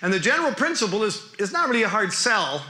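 A high-voiced man with a sharp, forceful tone gives an animated teaching lecture, asking the crowd question after question. He speaks as a New Testament professor. The sound is roomy, as if in a church hall. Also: fast. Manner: animated, with frequent rhetorical questions.

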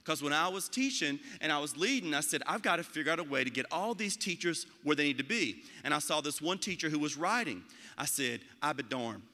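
A man giving a motivational talk about school leadership, animated and acting out quoted voices. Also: on the high side, fairly quick, long reverb tail. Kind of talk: motivational speech.

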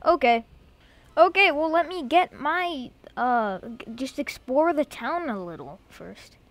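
A young woman giving casual let's-play commentary at home, excitable and rambling, with sudden loud outbursts. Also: high voice, takes it slowly, no echo. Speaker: gamer.

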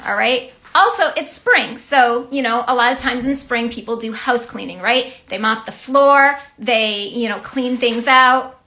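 A woman's voice: a little high, bright, forceful tone. A woman giving a casual devotional teaching. She talks in a chatty way, often asks "right?" and laughs lightly. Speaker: Christian teacher and vlogger.

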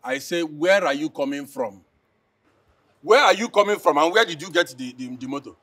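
A man's voice: on the high side, expressive, moderate pace, fairly bright tone, dry recording. An actor playing a crude, boastful Nigerian chief who mocks his wife, with a Nigerian accent, recorded from a distance. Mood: scolding. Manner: mocking, taunting, crude. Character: boastful philandering middle-aged chief, crude. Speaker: husband and chief. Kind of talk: Nollywood film acting.

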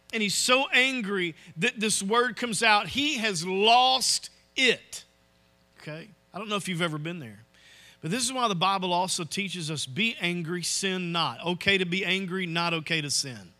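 Bright-voiced preacher man. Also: high-pitched. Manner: animated, acts out quoted voices, asks "Okay?". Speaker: pastor. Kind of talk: sermon. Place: church sanctuary.

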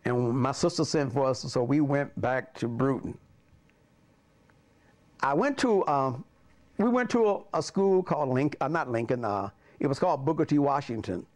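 An older man from Alabama, a pastor telling stories from his childhood in an animated way, often chuckling. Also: mid-range voice, moderate pace. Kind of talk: personal storytelling.

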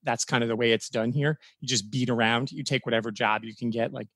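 A man's voice: mid-range voice, steady tone, quick pace, a bit bright, no echo. A man, a college professor telling blunt stories and swearing casually. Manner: frank storytelling, swears casually. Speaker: college professor, podcast guest. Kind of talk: casual podcast chat.

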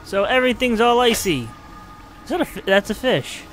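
A man commentating his playthrough of a game, excitable, swinging from muttering to yelling. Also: extremely high pitch, normal speed. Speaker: gaming video host. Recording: music from the game behind the voice.

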